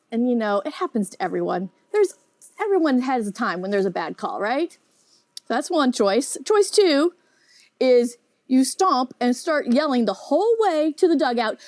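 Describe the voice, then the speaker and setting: A woman teaching a children's Bible lesson, animated and often asking the kids questions. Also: on the high side, no room sound.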